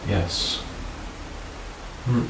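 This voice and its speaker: A man hunting ghosts at night in a haunted house, slowly asking the spirits questions and swearing in awe. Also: fairly bright tone, a little hiss or hum. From United Kingdom. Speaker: paranormal investigator. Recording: echoey room, mic at a distance.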